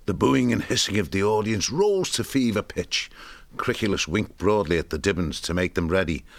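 A man reading a storybook aloud in a measured, expressive narration. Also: fairly low pitch, creaky, no room sound.

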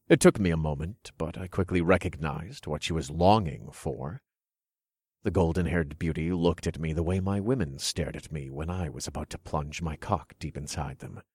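A man with a very low voice reads a first-person fantasy novel in a steady, measured way. The mic is close and the recording is dry, with no room sound. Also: breathy edge, dry recording. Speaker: audiobook narrator.

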